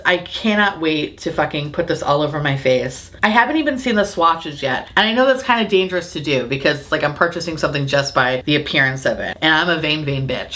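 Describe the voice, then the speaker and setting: A woman's voice: lowish voice, fairly bright tone. A young adult woman reviewing makeup in a casual vlog, gushing and swearing a lot, with self-mocking giggles. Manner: gushing and heavily profane. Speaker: beauty YouTuber.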